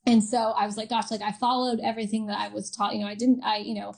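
A woman's voice: medium pitch, little pitch movement, fast talker, gravelly, darkish tone, rough recording. Chatty woman telling a story. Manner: laughs often, storytelling with many fillers. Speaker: guest. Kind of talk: casual chat.

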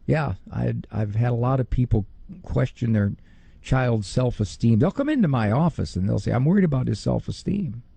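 Middle-aged guy, psychologist giving a talk, gravelly and husky, pitch all over the place. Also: dry recording. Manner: animated, quick to mimic others in a high voice. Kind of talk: talk on parenting and faith.

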